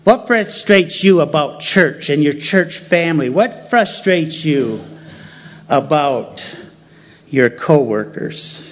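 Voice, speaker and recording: A man's voice: fairly high pitch, animated, slow, lo-fi sound. A man preaching a sermon, who repeats key phrases for emphasis. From United States.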